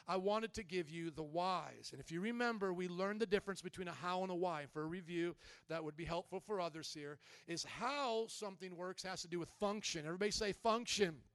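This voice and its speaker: Pastor guy preaching, higher voice, gets the church to say stuff back, dry close sound. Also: clear, resonant tone, no echo. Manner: lively preaching with call-and-response. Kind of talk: sermon.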